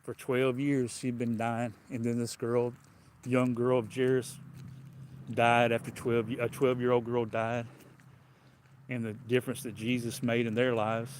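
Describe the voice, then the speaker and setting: A preacher with a Southern US accent gives a livestreamed sermon, plainspoken and folksy, with casual grammar and phrases he circles back to, repeats, and restarts. His everyday middle-pitched voice has little pitch movement, a slightly slow pace, and a darkish tone. There's a faint hiss or hum.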